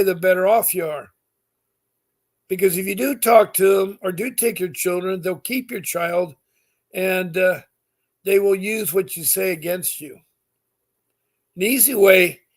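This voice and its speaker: A middle-aged man talking straight to his viewers, giving earnest, insistent advice that repeats its points, with many fillers. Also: high voice. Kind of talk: direct-to-camera advice talk.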